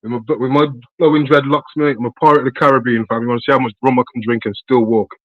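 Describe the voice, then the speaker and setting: A man's voice: mid-range voice, steady tone, fast talker, no echo. A British man on a call, talking in loose, slangy chat full of swearing and ums. The line is dull and lo-fi, and the voice sits dry and close. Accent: British English. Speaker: caller.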